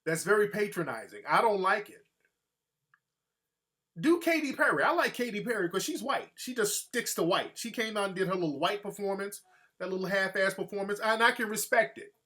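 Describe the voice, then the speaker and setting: A man hosting a show, giving casual, profane opinion commentary in an animated way and often slipping into mocking impressions. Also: sits high, normal speed. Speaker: host.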